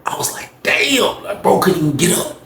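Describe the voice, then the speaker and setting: A young man telling a story casually, animated, slangy and profane. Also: fairly high pitch, fast talker, gravelly. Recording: roomy echo, faint background noise.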